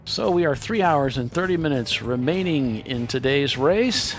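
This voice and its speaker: A man doing live play-by-play commentary on an endurance car race, in a steady, matter-of-fact way. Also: on the high side, normal speed, soft background music.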